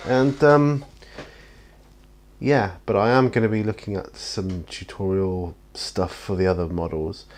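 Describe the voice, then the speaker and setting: A weary man talks a little slowly in a notably deep, low, steady voice while painting in his hobby studio at home. He rambles casually, pokes fun at himself and keeps yawning, with a slight hiss or hum on the recording.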